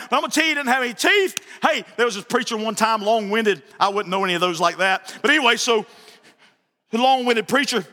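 A man's voice: very high-pitched, pushed and bright, big-room sound. A man preaching a sermon as pastor, telling stories animatedly, joking and repeating phrases for emphasis.

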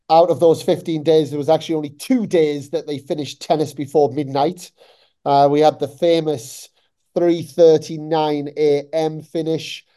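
A man's voice: a little high, dark tone. A man hosting a tennis podcast, upbeat and chatty and tired after a long flight. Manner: upbeat, talks in long run-on lists. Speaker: podcast host. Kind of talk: casual chat.

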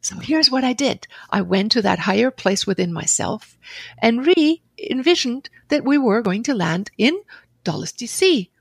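A middle-aged woman, a guest on a podcast, telling a personal story in an animated way, laughing often and acting out her own inner dialogue. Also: fairly high pitch, measured pace, gravelly, husky, no room sound. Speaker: podcast guest, author and seminar leader.

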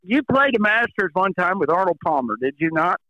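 A man's voice: high-pitched, sing-song, fairly quick, sharp tone, dry recording, lo-fi sound. A man co-hosting a podcast, coaxing a guest to tell a story while giggling. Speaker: podcast co-host. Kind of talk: podcast interview.

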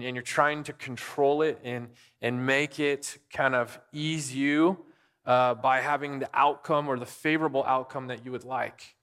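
A man's voice: mid-range voice, fairly bright tone, clean tone. A middle-aged man preaching a sermon as pastor, talking casually and asking the congregation questions. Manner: conversational, asks the congregation questions. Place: church sanctuary. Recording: long reverb of a church hall.

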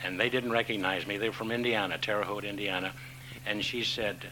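Older man, lowish voice, chuckling raconteur; noisy live recording. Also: fairly even intonation, brisk, pushed and bright. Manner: rambling with restarts, chuckling. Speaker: panel guest. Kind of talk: anecdotal storytelling.

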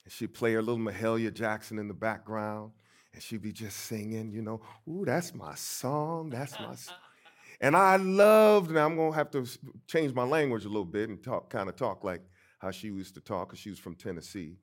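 Emphatic middle-aged pastor telling stories. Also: male voice, on the low side, fairly even intonation, a little fast. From St. Louis, USA. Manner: emphatic, swings between soft and loud. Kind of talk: storytelling sermon.

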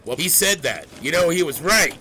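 A man playing a cheerful, vain newspaper boss who talks in a brisk, boastful way. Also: a little high, sing-song, pushed and bright, a little hiss or hum. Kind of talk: audio drama acting.

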